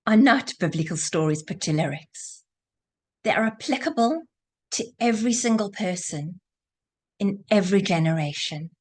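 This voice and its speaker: Female teacher, earnest, higher voice, video-call class, repetitive build. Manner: earnest, builds by repeating phrases. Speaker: Torah teacher. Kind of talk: online class talk.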